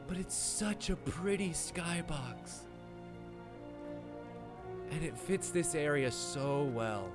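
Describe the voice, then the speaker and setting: A man commentating a live game stream, excitable and gushing, with frequent swearing. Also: a little high, slow, pauses often. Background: game music.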